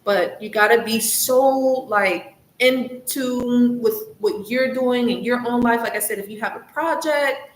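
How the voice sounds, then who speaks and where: A woman's voice: on the high side, measured pace. A woman hosting her own advice vlog. She talks casually and earnestly, with lots of "like" and "you know", and repeats points to encourage the listener. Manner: chatty, loose, full of "like" and "you know". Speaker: channel host, coach on recovery from narcissistic abuse. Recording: echoey room with faint background hiss.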